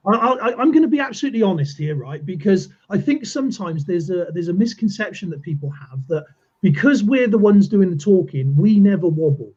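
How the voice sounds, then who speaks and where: A man's voice: high-pitched, big pitch swings, moderate pace, darkish tone, breathy edge, highs cut off. A man, a guest on a video-call interview, speaking frankly and reflectively, often checking in with "right?". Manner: reflective, frank, peppered with "you know" and "right?". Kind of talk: conversational interview.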